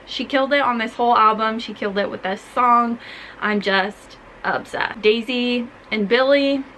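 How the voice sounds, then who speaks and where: A woman's voice: mid-range voice, sharp tone, a little hiss or hum, low-quality recording. A young woman chatting casually about book recommendations, gushing and full of "like" fillers. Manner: gushing, chatty, heavy use of "like". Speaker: book vlogger.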